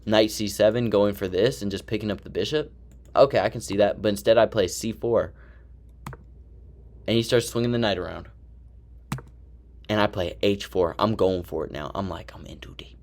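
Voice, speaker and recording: A young chess streamer with a fairly low voice narrates his game move by move, talking to himself as he plays. His commentary is excited and chatty, at a moderate pace with frequent pauses.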